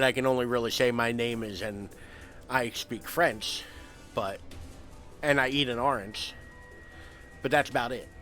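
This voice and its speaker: A man's voice: mid-range voice, fairly bright tone. A young man from the United States giving rambling, self-mocking commentary while he streams a game. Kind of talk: casual gameplay commentary.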